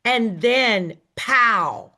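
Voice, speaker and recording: A woman's voice: fairly high pitch, lively intonation, bright, forceful tone. A middle-aged woman team leader giving an emphatic, emotional motivational talk to her group. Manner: emphatic, emotional, slow and deliberate.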